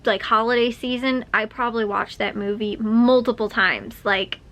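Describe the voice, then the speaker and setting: A woman's voice: on the high side, steady tone, normal speed, fairly bright tone. A young woman chatting casually in a home vlog, rambling with lots of fillers and repeats. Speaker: vlogger. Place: home at night.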